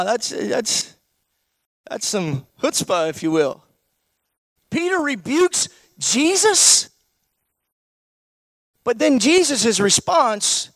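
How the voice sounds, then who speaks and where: A man's voice: sits high, a bit bright, dry recording. A man preaching a sermon, posing one rhetorical question after another to his congregation.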